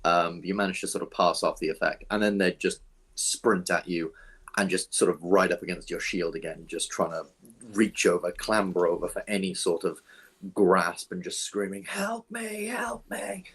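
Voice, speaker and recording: A man narrating as dungeon master, relaxed and descriptive, thinking aloud with fillers. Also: deep voice, normal speed, slightly rough. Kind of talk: narrating a tabletop game.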